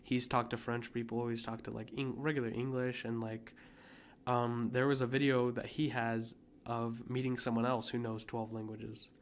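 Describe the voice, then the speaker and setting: A man's voice: medium pitch, flat delivery, normal speed, a little hiss or hum. A man co-hosting a podcast in casual chat, rambling with lots of filler words. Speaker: podcast co-host.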